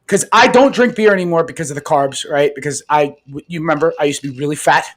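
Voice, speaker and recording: A man's voice: a little high, fast. A man co-hosting a podcast in casual chat, talking emphatically with lots of swearing and often asking "right?" for agreement. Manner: animated, profane, emphatic, keeps asking "right?". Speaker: podcast co-host.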